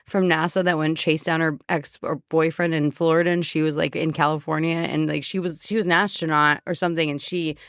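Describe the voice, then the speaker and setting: A woman co-hosting a podcast in casual chat, blunt and sarcastic, chatty and quick to swear. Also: deep voice, fairly even intonation, clean tone, no room sound, clean studio sound. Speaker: podcast co-host.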